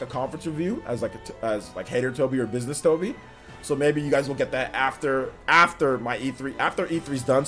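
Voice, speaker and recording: Rich: A man hosting a live stream, talking loosely and rambling, full of "um" and "you know". His pitch sits in an ordinary middle range for a man, and soft music plays faintly behind him. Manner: rambling, filler-heavy, addresses chat directly. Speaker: livestream host. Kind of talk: casual livestream chat. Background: faint background music.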